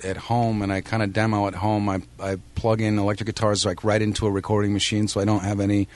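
A man in his forties from the United States, a guest musician talking in a relaxed, thoughtful way with frequent ums and restarts in a radio interview. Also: lowish voice, fast.

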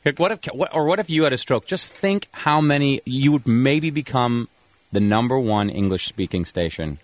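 A man guesting on a radio show, joking with the hosts in casual banter, halting and restarting as he talks. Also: mid-range voice, lively intonation, no echo. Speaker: comedian guest. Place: radio studio.

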